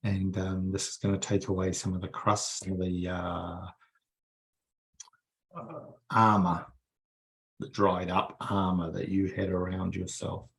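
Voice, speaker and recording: Gravelly-voiced man guiding a healing meditation. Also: sits low, level tone, a little slow, long pauses, fairly bright tone. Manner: soothing, repetitive coaxing with many fillers. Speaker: energy healer leading a group session.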